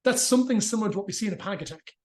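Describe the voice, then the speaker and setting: Fast-talking, profane, high-voiced man. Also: darkish tone. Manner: fast, profane, joking explanations. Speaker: movement and rehabilitation practitioner, guest. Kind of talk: casual explanatory interview talk.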